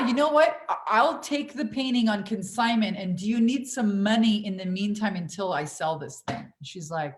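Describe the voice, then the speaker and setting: A young adult woman coaching on a livestream, casually reading viewer comments aloud and swearing freely as she talks. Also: a little high. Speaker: business coach hosting a livestream Q&A. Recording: echoey room.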